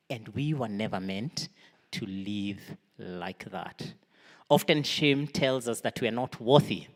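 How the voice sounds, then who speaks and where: A man preaching a sermon to a church congregation, earnest, raising his voice for emphasis and then dropping to a near-whisper. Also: mid-range voice. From Kenya. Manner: earnest, swings between raised emphasis and soft near-whispers. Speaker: pastor. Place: church hall. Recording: long reverb of a large hall.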